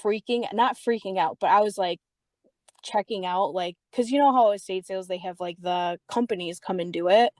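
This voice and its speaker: Telling a story on her podcast, a young woman gets worked up, curses freely and drops "like" constantly, bumping her pitch up when she voices the characters. She talks at a moderate pace with a darkish tone, in a dry recording.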